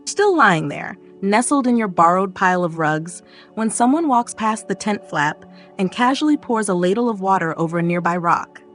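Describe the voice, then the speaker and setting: A woman reads a scripted sleep story in a soft, unhurried voice, sitting at a mid pitch with a dry, gentle wit. She speaks close to the mic, and faint music plays underneath her. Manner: soft, calm, gently wry second-person narration. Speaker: narrator. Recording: narration over faint background music.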